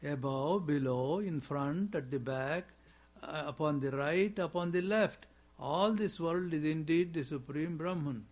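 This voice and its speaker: Man giving a scripture talk, slightly high. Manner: chants in Sanskrit, explains with repetition and rhetorical questions. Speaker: swami giving a spiritual talk. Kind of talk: sermon on scripture.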